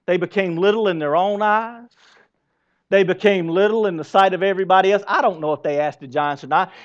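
A man in his forties delivers a sermon in a high voice and talks with his congregation rather than at them. He drops to hushed asides, then pushes back up to loud emphasis. The recording is a little dull and lo-fi. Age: 40s. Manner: conversational preaching, questions the congregation. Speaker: pastor.

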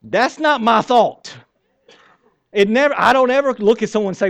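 A middle-aged man preaching a sermon, talking in an animated, conversational way, repeating words and asking the crowd questions. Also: high-pitched, a little fast, dry recording. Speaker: pastor.

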